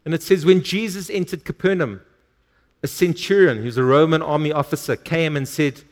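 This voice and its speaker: A man's voice: fairly high pitch, a little fast. A male pastor preaching a sermon, reading scripture aloud and stressing words emphatically.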